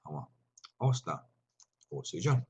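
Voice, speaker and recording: A man's voice: low-pitched, very animated, measured pace, breathy edge. A man teaching a language class, patiently explaining and repeating words for his students in a rambling way.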